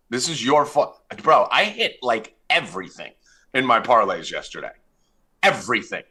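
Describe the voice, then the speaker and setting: A young man hosting a casual sports betting podcast, brash and profane, loudly ribbing his co-hosts. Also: medium pitch, very animated, normal speed, breathy edge. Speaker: podcast host.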